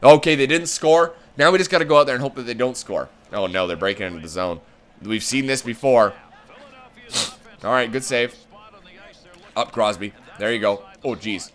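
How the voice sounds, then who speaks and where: A man's voice: mid-range voice, moderate pace, pauses often, fairly bright tone. A man commenting on his own hockey video game play, calling the action like a broadcaster and swearing when it goes wrong. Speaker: gaming channel host.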